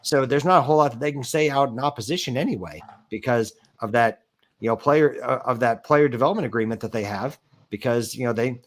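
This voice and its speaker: On a laid-back sports stream, the male co-host talks quickly in a medium-pitched voice, giving long explanations packed with "you know" and "I mean."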